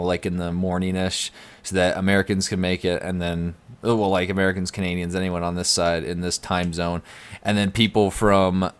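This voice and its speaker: A man's voice: low voice, smooth. A young man streaming live from home, chatting casually and reading out the chat.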